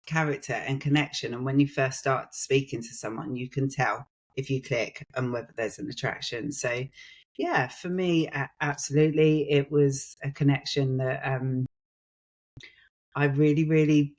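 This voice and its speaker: A British woman speaks as a podcast guest, sincere and open. She pauses often and hunts for her words, with soft laughs along the way. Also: rumbling low, steady tone. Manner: earnest, halting, with frequent fillers and soft laughs. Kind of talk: casual chat.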